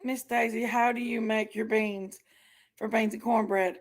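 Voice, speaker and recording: A chatty woman hosts a casual livestream, greeting viewers by name and laughing easily. Her voice sits high and bright in pitch. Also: normal speed. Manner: chatty, reads viewer names aloud and laughs often. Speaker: livestream host.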